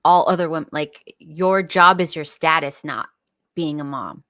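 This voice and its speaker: A woman calling into a live stream, speaking quietly and softly in short casual answers. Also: sits low, measured pace, no room sound, studio quality. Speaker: guest caller. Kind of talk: casual chat on a call.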